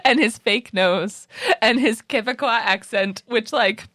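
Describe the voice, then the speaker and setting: A woman's voice: on the high side, a little slow, pushed and bright, no echo, clean studio sound. A woman from Canada's West Coast co-hosting a podcast, chatting playfully and animatedly about a film. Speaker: podcast co-host. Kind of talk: casual chat about a film.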